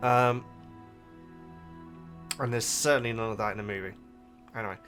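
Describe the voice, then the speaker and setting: A man's voice: fairly low pitch, moderate pace. Man, casual book reaction host, emotional, restarts a lot, faint background music. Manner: animated and emotional, frequent restarts, keeps saying "guys".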